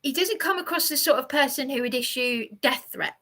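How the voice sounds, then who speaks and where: Bright-voiced woman rambling to her viewers. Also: sits high, lively intonation. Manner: halting, many restarts, answers viewer comments. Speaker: livestreamer. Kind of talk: rambling live chat to viewers. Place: hotel room.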